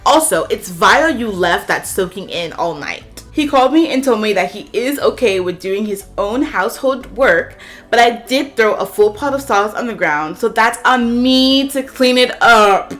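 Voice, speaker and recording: Woman doing a sassy read-through of online posts, jumps way up when she reacts, faint music under it. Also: normal speed. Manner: animated, sassy reactions with big pitch jumps. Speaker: YouTuber.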